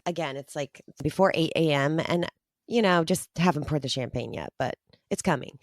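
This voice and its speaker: Low-voiced enthusiastic woman podcaster. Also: normal speed, dry recording, studio quality. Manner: enthusiastic, rambling, frequent ums. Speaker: podcast co-host. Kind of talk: casual chat.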